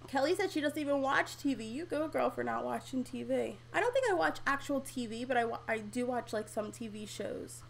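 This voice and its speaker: A young woman talks through a casual home livestream, reading viewer comments aloud into a desk mic. She chatters along with plenty of "like"s and frequent laughter. Her voice sits high, with a faint hum of ambience behind her. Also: lively intonation, a little fast, creaky, few pauses. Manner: chatty, laughs often, many "like" fillers. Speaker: livestream host. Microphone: desk microphone.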